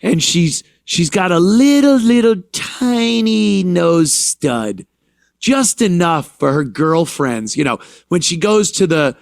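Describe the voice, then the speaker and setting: Gravelly, sarcastic man ranting. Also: high-pitched, animated, takes it slowly, no room sound, clean studio sound. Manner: sarcastic, mocking, profane. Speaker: show host. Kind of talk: casual ranting commentary.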